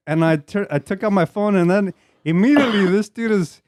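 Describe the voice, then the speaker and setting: A man's voice: high voice, moderate pace, darkish tone. Laid-back Chicano man telling a story. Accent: Chicano English. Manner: profane, laid-back storytelling, mixing English and Spanish slang. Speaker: podcast host. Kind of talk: casual storytelling chat.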